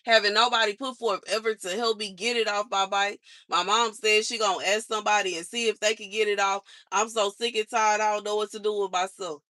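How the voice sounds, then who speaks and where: A woman's voice: medium pitch, fairly even intonation, fairly quick, few pauses, sharp tone. A young woman venting her frustrations on a livestream in casual, slangy speech, complaining over and over.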